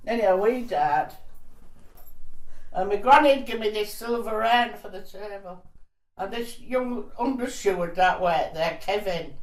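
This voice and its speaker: A woman's voice: mid-range voice, recorded from a distance. Older lady telling cheeky stories, chatty, sounds roomy and a bit off-mic. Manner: chatty, cheeky, laughs between tales. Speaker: interviewee. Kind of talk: casual storytelling.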